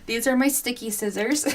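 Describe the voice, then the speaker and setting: Slow, giggly woman in her forties. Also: medium pitch. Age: 40s. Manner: chatty and giggly, answering viewers' comments. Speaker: crafting livestream host. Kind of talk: casual chat while crafting.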